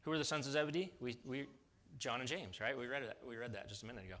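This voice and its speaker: Bright-voiced man preaching a lively sermon. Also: mid-range voice, fast. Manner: lively conversational preaching, checks in with listeners. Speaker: pastor.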